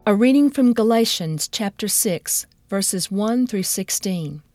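A woman reading an epistle aloud in a steady, formal liturgical style. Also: mid-range voice, unhurried, no echo, faint music behind. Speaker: scripture reader.

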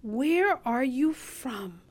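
A woman reading the lines of a wary, uneasy male Roman governor in a scripture reading, with slow, deliberate questions. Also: high voice, lively intonation, full character voice. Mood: questioning.

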